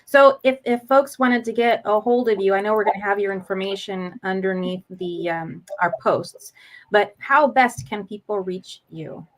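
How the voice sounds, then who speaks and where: A woman's voice: mid-range voice, moderate pace. Enthusiastic woman hosting a show. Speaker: show host. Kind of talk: interview conversation.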